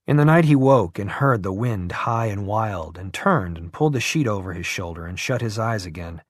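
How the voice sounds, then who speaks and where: In a fairly low voice, a man reads an audiobook with steady, even storytelling. There is no room sound, and the audio is studio quality.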